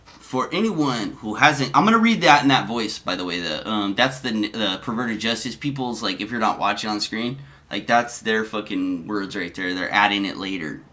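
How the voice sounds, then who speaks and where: A man's voice: lowish voice, animated, moderate pace, bright, forceful tone. A man giving casual commentary, rambling and profane, often cutting himself off. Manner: profane, rambling, self-interrupting.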